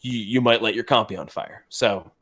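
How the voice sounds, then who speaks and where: A man's voice: on the low side, normal speed, a crowd in the background. A man running a tabletop game as game master, talking casually with many fillers.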